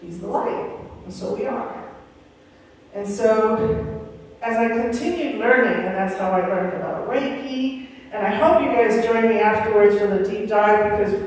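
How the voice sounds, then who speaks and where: An older woman, a guest speaker at a Sunday gathering in a spiritual center's large hall, gives a rambling, chatty spiritual talk in a medium-pitched, slightly mellow voice, without hurrying. She often acts out the voices she quotes, and the mic is distant, picking her up from afar in the echoey hall.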